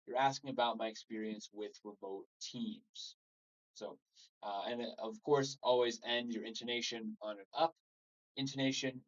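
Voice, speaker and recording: Relaxed male English teacher, lo-fi sound. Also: medium pitch, normal speed. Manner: relaxed explaining with example phrases, frequent "so" and "all right". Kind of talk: live online English lesson.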